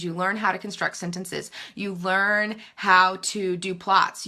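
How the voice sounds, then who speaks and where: A woman novelist in her thirties, chatting live to viewers with emphatic, animated writing advice and self-mocking asides. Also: mid-range voice. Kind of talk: live video chat answering viewer comments.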